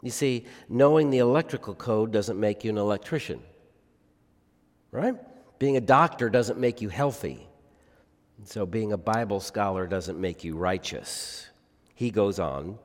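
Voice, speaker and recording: A man preaching a sermon, moving between forceful emphasis and hushed, pointed questions. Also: fairly low pitch, a little slow. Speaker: pastor. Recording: long hall reverb.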